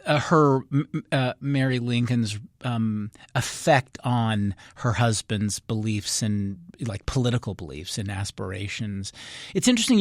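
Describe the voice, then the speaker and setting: A man's voice: fairly high pitch, no room sound, clean studio sound. A man interviewing a guest on public radio, asking long searching questions with many fillers and restarts. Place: radio studio.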